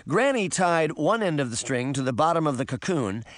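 A man narrating a children's storybook with expressive, varied delivery. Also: on the high side, brisk, no echo. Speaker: audiobook narrator.

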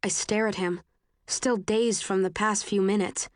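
A woman's voice: medium pitch, steady tone, measured pace, no echo, studio quality. Woman reading a novel aloud. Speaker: audiobook narrator. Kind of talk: first-person novel narration.

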